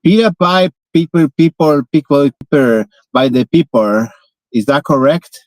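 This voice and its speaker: A man's voice: on the high side, expressive, a little slow, a little mellow, dry recording, poor audio. A man with a Spanish accent, a native Spanish speaker, chatting playfully on a live stream and stumbling through tongue twisters. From Spain. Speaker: vlogger. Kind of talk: casual live-stream chat.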